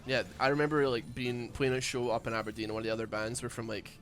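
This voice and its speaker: A man's voice: mid-range voice, level tone, fast. A Scottish man chatting casually while playing a game, rambling and joking with lots of restarts. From Scotland. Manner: rambling, jokey, thinks aloud with many restarts. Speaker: streamer playing a video game. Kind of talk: casual gameplay chat.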